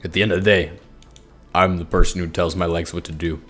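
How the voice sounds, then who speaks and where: Low-voiced man, sleep-deprived, rambling jokey gaming commentary, soft music behind. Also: flat delivery, brisk. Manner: goofy, rambling, self-mocking. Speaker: Minecraft gaming YouTuber. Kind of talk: rambling casual commentary over gameplay.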